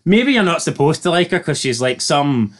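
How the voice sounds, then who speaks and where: Male co-host, slightly high voice, rambling and hedging, loose and profane. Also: very animated, moderate pace. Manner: hedging and rambling, swears freely. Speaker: podcast co-host reviewing a TV episode. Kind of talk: casual chat.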